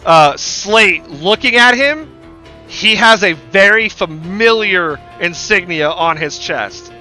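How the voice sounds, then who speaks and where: A man's voice: high-pitched, lively intonation, slow pace, sharp tone, soft background music. A man narrating a tabletop game as game master, casual and full of fillers.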